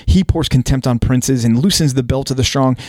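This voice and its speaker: An earnest man talking through scripture on a podcast, easygoing and conversational. His voice sits at an ordinary middle pitch and is recorded close and dry, with no room sound. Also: fairly quick, warm tone, no room sound. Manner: earnest, conversational, acts out quotes. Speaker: podcast host teaching scripture. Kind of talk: casual Bible study discussion.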